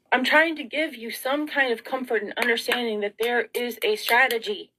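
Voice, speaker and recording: A middle-aged woman rants straight to camera in a somewhat high voice. She sounds frazzled and close to tears, sighing, breaking off mid-sentence and firing off rhetorical questions. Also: fairly even intonation, normal speed, hardly any pauses, bright, forceful tone, rough recording. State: tearful. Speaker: vlogger. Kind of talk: emotional rambling monologue.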